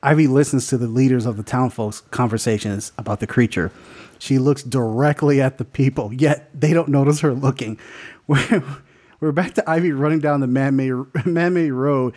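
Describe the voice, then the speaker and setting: Man, podcast co-host, casual storytelling, profane, laughs while talking, mid-pitched. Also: moderate pace, darkish tone. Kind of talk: casual chat, telling a made-up story.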